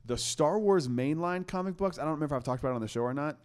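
A man's voice: fairly high pitch, expressive, very fast, darkish tone, clear, resonant tone. A young man hosting a podcast, talking in a casual, enthusiastic and rambling way with many restarts. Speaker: podcast host. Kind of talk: casual chat.

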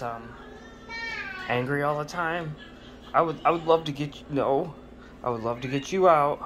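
A man's voice: medium pitch, noisy background. A man chatting casually and fondly to his pet snakes at home while cleaning their tubs, in a playful sing-song. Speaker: snake keeper vlogger.

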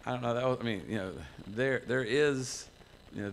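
A man's voice: mid-range voice, moderate pace, a little hiss or hum. A man from the United States preaching a folksy, self-mocking sermon to a church congregation, wandering into asides. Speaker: pastor.

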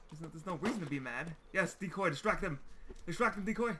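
A man playing a survival game online, taunting and chasing other players while commenting in gleeful, shouted bursts. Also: on the high side, animated, fast talker, background noise. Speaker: gameplay video creator. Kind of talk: trolling gameplay commentary.

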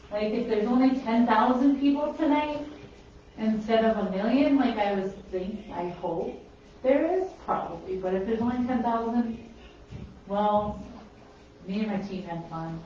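A woman's voice: a little high, measured pace, slight background noise. Minnesotan woman chatting from across a roomy studio. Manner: rambling, chatty, laughs at herself. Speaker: pet portrait artist. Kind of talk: casual chat while painting. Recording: roomy, distant, slightly dull.

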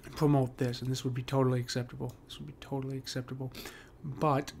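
A man's voice: medium pitch, little pitch movement, fast, gravelly, a little mellow, slight background noise. A man walking through a poem's meter in a casual screen-share lesson, with lots of fillers and "right?" checks. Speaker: poetry teacher.

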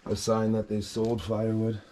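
A man's voice: on the low side, monotone, moderate pace, mellow, slight background noise. A man hosting his own exploration videos, casually narrating a walk through an abandoned house and plainly listing what he finds. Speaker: host of an urban exploration channel.

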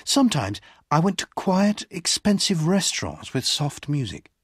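A reader slowly and clearly narrating a graded-reader story. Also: mid-range voice, big pitch swings, dry recording, clean studio sound. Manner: slow, clearly paced storytelling. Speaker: audiobook reader.

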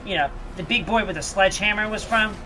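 A let's play host giving casual gameplay commentary, reacting loudly, swearing and talking back to enemies. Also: medium pitch, fast talker, noisy background.

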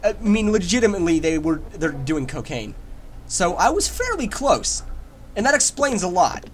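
A man narrating his horror game playthrough in a casual, joking ramble. His voice swings widely up and down and spikes into loud yelps when something scares him. The home recording has a clear hiss of noise behind it. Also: high voice, big pitch swings, moderate pace. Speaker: gamer playing a horror game. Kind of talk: let's play commentary.

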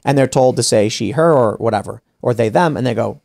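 A man hosting an opinionated podcast discussion in a studio. His mid-pitched voice is gravelly, with frequent vocal fry. He argues his point with many restarts and breaks into voicing other people. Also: brisk, a little mellow. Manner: argumentative, many restarts, acts out quoted people. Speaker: podcast host. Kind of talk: opinionated panel talk.

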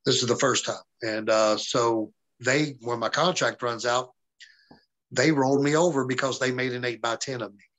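Man, interview guest, blunt, profane storyteller, bright forceful voice, mid pitch. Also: steady tone, moderate pace, poor audio. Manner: profane, blunt, quotes others in dialogue. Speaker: interview guest, former pro wrestler.

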